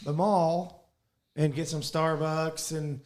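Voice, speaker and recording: A middle-aged man, a podcast co-host, telling a family story in casual chat, animated and often laughing. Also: fairly high pitch, takes it slowly.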